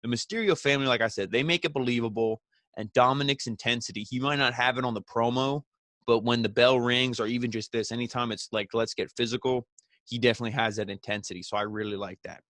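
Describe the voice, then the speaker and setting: A man's voice: medium pitch, fast, a bit bright, dry recording. A man hosting a wrestling review, recapping the show in a casual, rambling way full of "you know" and "he's like".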